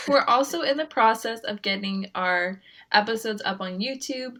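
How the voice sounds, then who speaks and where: A woman's voice: fairly high pitch, a little slow, fairly bright tone. Giggly young woman co-hosting a chat. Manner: giggly, chatty, frequent laughter. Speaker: podcast co-host. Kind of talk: casual chat.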